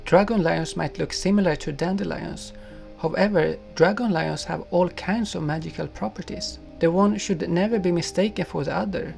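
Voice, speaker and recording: A man voicing a cheeky, laughing male chipmunk in a storybook reading, brisk and emphatic. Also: high-pitched, darkish tone, soft background music. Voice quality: gravelly.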